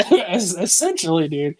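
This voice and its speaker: A man's voice: high-pitched, wildly swooping pitch, measured pace. A young man co-hosting a podcast, telling a long story in casual, rambling fashion, packed with "like" and swearing. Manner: rambling, full of "like", swears freely. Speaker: podcast co-host.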